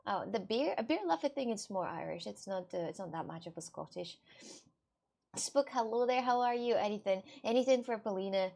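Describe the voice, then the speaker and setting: A woman's voice: mid-range voice, lively intonation, a little fast, gravelly, a little mellow. A woman from Russia with a Russian accent, rambling chattily in loose non-native English on a casual livestream with viewers. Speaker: streamer.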